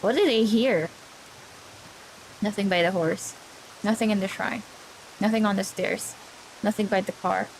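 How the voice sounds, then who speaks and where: A woman's voice: medium pitch, a little slow, pauses often, slight background noise. A woman streamer reading a visual novel aloud on a livestream, breaking off into nervous, easily spooked chatter with her chat.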